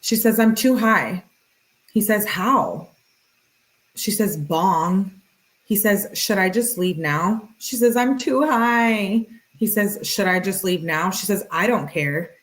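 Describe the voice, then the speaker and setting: A woman hosting a true-crime video, reading text messages aloud in a flat, matter-of-fact voice with casual asides. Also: medium pitch, unhurried, low-quality recording.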